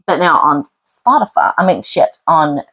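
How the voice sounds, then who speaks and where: A woman's voice: low voice, animated, moderate pace, a bit bright, slightly rough. A woman co-hosting a podcast in casual chat, chatty and calling people honey. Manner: chatty, says honey a lot. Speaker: podcast co-host.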